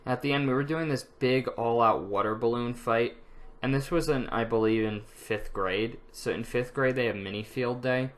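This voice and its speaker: A young vlogger rambles through stories from his own life, full of fillers and restarts, often laughing at himself. His voice is mid-range and moves at a moderate pace.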